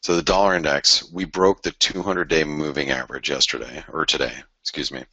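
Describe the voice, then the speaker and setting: A man hosting a live forex trading show, talking through charts in an excitable, thinking-aloud way with frequent exclamations. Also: very deep voice, a little fast, dry recording, highs cut off. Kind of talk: live market commentary.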